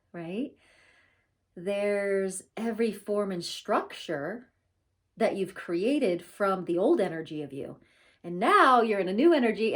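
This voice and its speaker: Slow-talking woman, chatty spiritual vlogger. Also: mid-range voice. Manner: chatty and unhurried, laughs often, many fillers. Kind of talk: casual spiritual talk to camera.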